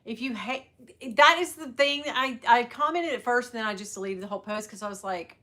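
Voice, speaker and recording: Woman, middle-aged, rambling livestream chat, greets viewers by name, sharp bright tone. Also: a little high, a little fast. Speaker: livestream host selling bags. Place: at work on a sales floor.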